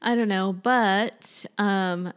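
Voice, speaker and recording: A woman's voice: mid-range voice, fairly even intonation, extremely slow, clean tone. A young woman in a casual, chatty conversation, lightly teasing. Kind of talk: casual chat.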